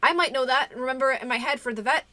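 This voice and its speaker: A woman's voice: sits high, racing, pushed and bright, no echo. A young woman hosting a casual podcast, chatty and rambling, a little self-conscious. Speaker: podcast host.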